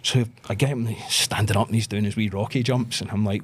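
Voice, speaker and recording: A man with a Scottish accent, a podcast guest telling stories in a lively way and acting out the voices of the people in them. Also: fairly low pitch, brisk, a little hiss or hum. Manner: animated anecdotes, acts out quoted voices. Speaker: podcast guest, pro wrestler. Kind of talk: casual storytelling interview.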